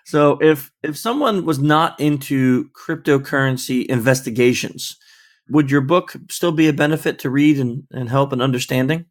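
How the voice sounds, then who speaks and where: A man hosting a casual podcast interview, playful and quick to laugh. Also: mid-range voice. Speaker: podcast host.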